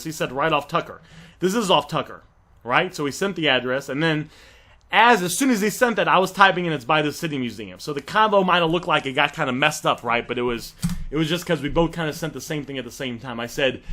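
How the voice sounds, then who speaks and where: In a relaxed how-to walkthrough, an online reselling coach shows viewers how he haggles over deals, speaking right to them and acting out the texts as he reads. His voice is fairly high and a bit bright.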